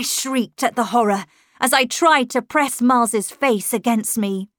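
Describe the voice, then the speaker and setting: A woman reads a first-person ghost story aloud, slow and deliberate, letting each phrase settle. Her voice sits a little high, and the close mic gives a dry, unadorned sound. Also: dry recording. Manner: measured and expressive, dramatic at tense moments. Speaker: audiobook narrator. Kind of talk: scripted first-person audiobook narration.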